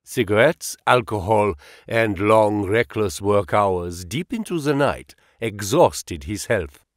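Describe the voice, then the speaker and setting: A man voicing an elderly German gentleman who speaks earnest, humble English with a German accent in a low, grave tone. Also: animated, slow pace, dry recording, clean studio sound. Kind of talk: audiobook character voice.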